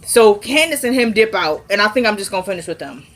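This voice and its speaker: A woman's voice: mid-range voice, expressive, fast. Chatty woman recapping a show. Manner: chatty, laughs often, acts out quotes. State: sniffly. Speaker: TV episode recapper. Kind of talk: casual recap vlog.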